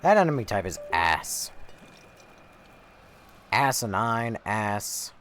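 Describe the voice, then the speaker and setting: A man's voice: deep voice, lively intonation, moderate pace, a bit bright, slight background noise. A young man casually commentating a horror game on stream, rambling and swearing as he plays. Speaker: livestreamer playing a horror game.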